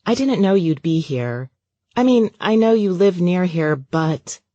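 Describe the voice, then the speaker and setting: A woman's voice: low voice, lively intonation, unhurried, a little mellow, no echo, dull audio. A woman voicing a nervous, flustered young woman who talks in awkward, rambling bursts. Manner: awkward, rambling, self-conscious.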